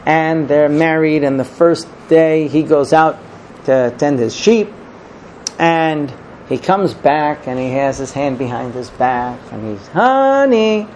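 A man giving a sermon, telling a parable in an animated storytelling manner. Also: fairly high pitch, slow pace, a little hiss or hum, poor audio. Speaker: religious teacher.

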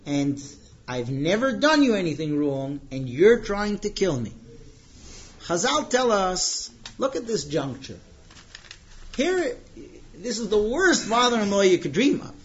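A man teaching a Torah lesson as a dramatic storyteller who slows down for tension. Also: high voice, very animated, dull audio. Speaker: religious teacher.

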